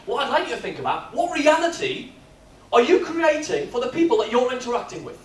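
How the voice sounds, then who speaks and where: A man, speaking at a business workshop and telling stories in a lively, jokey way. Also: extremely high pitch, brisk. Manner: lively storyteller, jokey and animated. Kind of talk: live workshop talk with comic storytelling. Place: expo hall. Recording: echoey hall, mic from far off.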